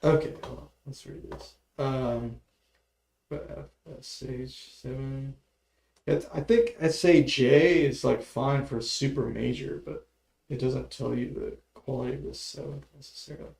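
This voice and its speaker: A man's voice: medium pitch, fairly even intonation, measured pace, vocal fry, darkish tone. A man casually talking through music notation on a livestream, mumbling and thinking aloud as he works. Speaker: music producer streaming his work.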